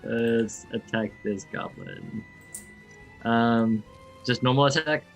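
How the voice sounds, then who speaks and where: A man's voice: medium pitch, takes it slowly, creaky, soft background music. A man playing a tabletop game, chatting casually and joking about his character's moves. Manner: joking, laid-back. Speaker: player.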